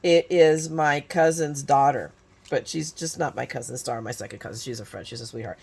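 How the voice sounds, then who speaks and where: This California woman in her fifties has a very deep voice with vocal fry, a slightly mellow, breathy edge, and a pace that runs a little fast. She's a crafting YouTuber chatting casually through a tutorial, full of restarts and self-deprecating asides.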